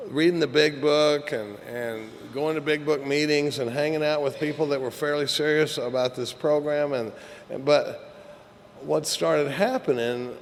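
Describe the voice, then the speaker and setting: A man's voice: on the high side, fairly even intonation, a little slow. A middle-aged man giving a candid, joking, profane talk at a recovery meeting, rambling with many fillers. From Texas. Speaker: AA speaker. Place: meeting hall. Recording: echoey hall recording with faint hiss.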